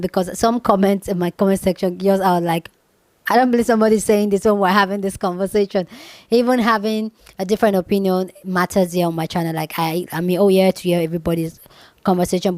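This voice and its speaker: A woman's voice: on the low side, warm tone, dry recording. A woman hosting a reaction video, greeting her viewers and talking casually and directly to them. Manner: chatty, talks straight to viewers.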